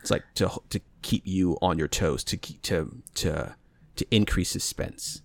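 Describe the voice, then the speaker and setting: In a deep, gravelly voice and without hurrying, a podcast co-host casually recaps a TV show's plot, wandering off and starting over as he mulls theories aloud.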